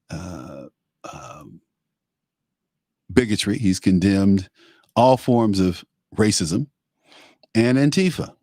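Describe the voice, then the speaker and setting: A man's voice: medium pitch, darkish tone, dry recording, clean studio sound. A man hosting a live talk show, delivering an opinionated, rambling monologue full of fillers and restarts.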